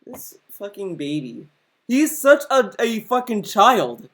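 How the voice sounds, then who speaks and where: A man's voice: high-pitched, sing-song, takes it slowly, fairly bright tone. A man giving reaction commentary in a sarcastic, profane, mocking manner.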